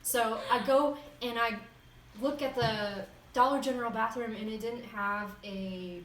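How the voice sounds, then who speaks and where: A woman's voice: on the high side, measured pace. Laughing woman telling a story in a roomy room. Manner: animated, laughs often. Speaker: vlogger. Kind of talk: casual storytelling. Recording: roomy echo, distant mic, faint noise.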